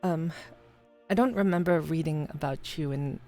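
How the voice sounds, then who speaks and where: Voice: medium pitch, moderate pace, darkish tone, faint music behind. A player speaking in character at a tabletop game, hesitant and unsure.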